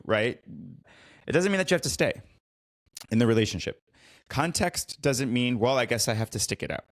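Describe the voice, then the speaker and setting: A man's voice: lowish voice, no room sound, clean studio sound. A man hosting a solo podcast as a therapist, recapping a show in a reflective, earnest way and repeating his key phrases.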